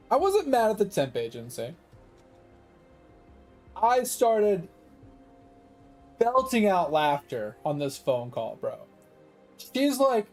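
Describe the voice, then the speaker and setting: Guy gaming on stream and ranting about an old job, kinda high but soft dark tone, acts out everyone, swears a lot. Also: fairly quick, soft background music. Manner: rambling, animated, quotes people in dialogue, swears. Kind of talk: casual storytelling while gaming.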